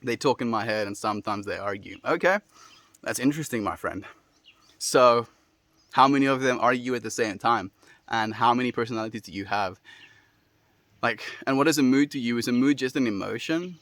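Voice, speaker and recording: A man in a middle pitch hosts a casual livestream, answering chat messages in a loose, friendly way. His talk is full of fillers, and the sound is dry and close. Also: fairly quick, no echo. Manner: relaxed and friendly, many fillers, laughs often. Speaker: livestream host reading chat.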